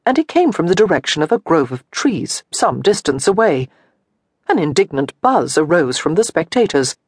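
A woman narrating an audiobook in a measured, expressive storytelling manner. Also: low-pitched, slightly rough, no echo, studio quality. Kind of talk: scripted narration.

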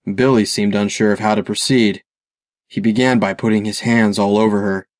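A man reading a novel aloud as audiobook narrator, steady and measured. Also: on the low side, no room sound, clean studio sound. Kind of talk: scripted narration.

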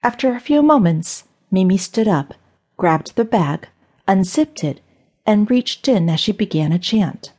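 A woman narrating an audiobook for children in a steady, storytelling way. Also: mid-range voice, measured pace, breathy edge. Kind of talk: scripted narration.

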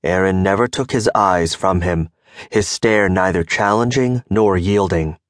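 A man giving a measured, scripted audiobook narration on a close studio mic. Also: low-pitched, no echo. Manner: measured storytelling delivery.

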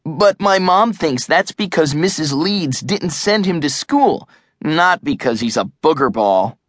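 A man's voice: a little high, lively intonation, unhurried, a bit bright, dry recording, clean studio sound, voice pushed up. A man voicing a level-headed, impatient boy in an audiobook, with an exasperated, matter-of-fact manner. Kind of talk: audiobook character voice.

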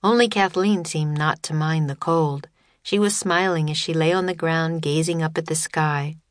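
A woman reading her own children's book as an audiobook, with measured storytelling on a close studio mic. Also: low voice, fairly even intonation, no room sound. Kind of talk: scripted narration of a children's audiobook.

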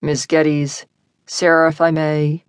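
A woman's voice: deep voice, takes it slowly, no echo, studio quality. A woman voicing a cool tycoon man. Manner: calm, smooth and confident. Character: self-assured male real estate tycoon, cool.

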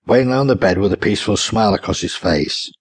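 A man reads his own comic novel aloud with dry timing and gives each character a voice of his own. His voice sits low and husky. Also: fast talker. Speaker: author narrating his own audiobook. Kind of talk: audiobook narration.

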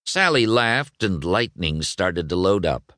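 A man narrating a children's storybook at an unhurried pace, his pitch rising and falling broadly. The voice sits a bit low and the recording is dry and close. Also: no room sound. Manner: expressive, voices every character. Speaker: audiobook narrator.

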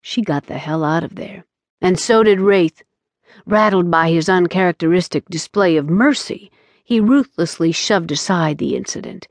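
Brief: woman audiobook narrator, measured delivery, slightly low register, dry close-miked studio. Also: dry recording. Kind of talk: scripted narration. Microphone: close studio mic.

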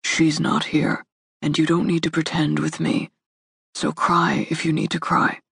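A woman's voice: steady tone, unhurried, gravelly, slightly rough, no echo, full character voice. A woman voicing a stern, protective young man who speaks curtly and firmly in an audiobook. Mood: soothing. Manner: curt, firm, low-voiced. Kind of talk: audiobook character voice. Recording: dry close studio recording.

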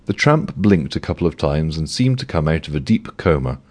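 Deep-voiced man narrating a comic audiobook. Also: very animated, moderate pace, darkish tone.

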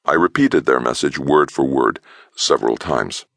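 A man narrating an audiobook in the first person, measured and expressive. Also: extremely low pitch, vocal fry, no room sound, studio quality.

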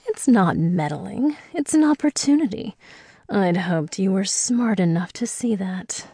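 A woman voicing a manipulative female elder who is ancient and calculating, speaking in a smooth, persuasive way in an audiobook. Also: on the low side, expressive, normal speed, warm tone, no echo. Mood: coaxing.

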